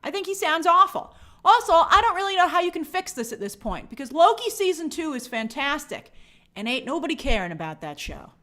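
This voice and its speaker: A middle-aged woman host delivers casual commentary with a sarcastic, exasperated edge. Her voice sits high and swings widely in pitch as she riffs. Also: brisk. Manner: animated, sarcastic, exasperated asides. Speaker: show host.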